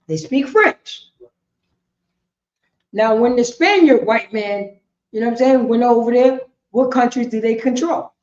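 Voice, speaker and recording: A woman's voice: on the high side, measured pace, pauses often, darkish tone. A woman leading an informal group lesson, quizzing her listeners and often asking "you know what I'm saying?". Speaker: class leader. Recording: echoey room, dull muffled sound.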